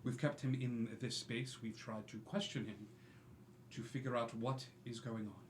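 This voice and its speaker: A man voicing a grim, wounded guard who speaks low, measured and grave in an echoey room. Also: steady tone, lightly acted. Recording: echoey room with faint noise.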